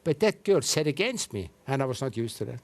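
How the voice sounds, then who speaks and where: A man's voice: medium pitch, very animated, a little fast. A middle-aged man, telling his life story earnestly as a guest in a TV studio interview. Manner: earnest storytelling with slightly non-native English. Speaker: evangelist guest. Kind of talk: personal testimony in a studio interview.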